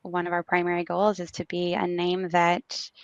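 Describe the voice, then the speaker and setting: A woman speaking as a business executive guest on a podcast, answering in a reflective, measured way with frequent ums. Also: lowish voice, monotone, no echo, dull audio.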